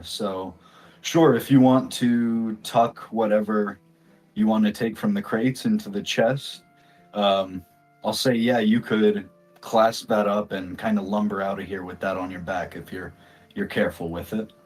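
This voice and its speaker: A man narrating a tabletop role-playing game as game master, relaxed, with frequent fillers. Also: on the low side, measured pace, soft background music.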